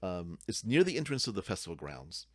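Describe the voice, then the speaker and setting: Brief: easygoing male game master, low voice, dry close sound. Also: brisk, no room sound. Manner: relaxed, descriptive, with fillers. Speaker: dungeon master. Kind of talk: narrating a tabletop game.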